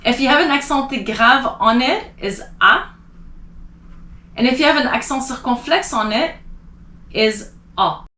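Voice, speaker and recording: A woman teaching an online French lesson, explaining accent marks and repeating sounds slowly and carefully for her students. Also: sits high, expressive, pushed and bright. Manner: slow, careful pronunciation drills. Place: Los Angeles. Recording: echoey room.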